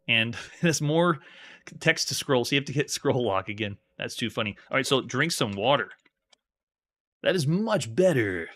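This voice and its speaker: A man with a medium-pitched, bright, forceful voice streams a live playthrough of an old adventure game. Between commands he reads the on-screen text aloud and chats with his viewers, giving running commentary on this retro game.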